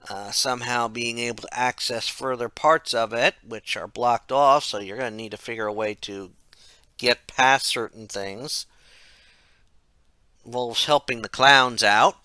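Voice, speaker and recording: A man's voice: mid-range voice, steady tone, a little slow, sharp tone, smooth, no echo. A man narrating a casual game retrospective, rambling, correcting himself and dropping wry asides. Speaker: game reviewer.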